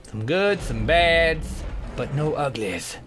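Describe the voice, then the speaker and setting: Goofy, animated man commentating gameplay. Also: a little high, slow pace, background noise. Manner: goofy, joking, bursts into shouts. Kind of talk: let's play commentary.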